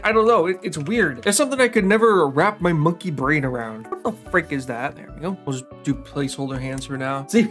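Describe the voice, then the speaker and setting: A young man chats away as he sketches, his voice bouncing up and down with lively swings in pitch. He rambles and pokes fun at himself, breaking into laughs and sudden exclamations. Soft music plays faintly behind him. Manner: rambling, self-mocking, prone to laughing and exclamations. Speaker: art channel host. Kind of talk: casual drawing commentary.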